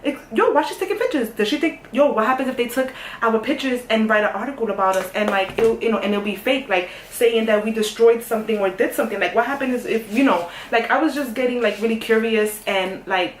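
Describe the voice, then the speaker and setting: A young woman telling a story in a casual, sassy way, dropping to a hush and then getting loud. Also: on the high side, a little fast, hardly any pauses, distant mic, a little hiss or hum. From New York. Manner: animated, sassy, swings from hushed to loud. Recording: echoey room, voice off-mic.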